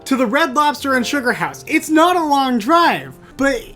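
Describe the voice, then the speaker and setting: Animated man telling a comedic story. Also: extremely high pitch, normal speed, faint music behind. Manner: animated, theatrical, bursts into exclamations. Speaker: storytelling podcast host.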